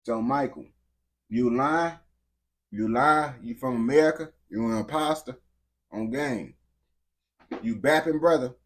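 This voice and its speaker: Husky-voiced dude on a livestream, talks to chat in slang, keeps repeating bro and laughing. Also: male voice, mid-range voice, unhurried, long pauses. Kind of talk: casual livestream chat with viewers.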